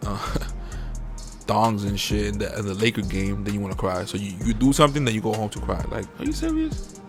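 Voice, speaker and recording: A young man, hosting a podcast in a profane, animated rant that jumps into mocking high-pitched impressions. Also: brisk, faint music behind. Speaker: podcast host. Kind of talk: casual uncensored podcast rant.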